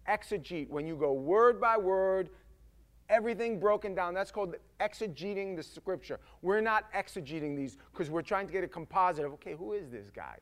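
Male pastor, high voice, animated conversational sermon delivery. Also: brisk. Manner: animated, acts out quotes, conversational.

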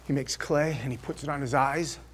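An older male pastor preaching a sermon, telling stories with rhetorical questions and swinging from loud bursts to hushed, quiet passages. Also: mid-range voice, fairly even intonation, a little fast, a little hiss or hum.

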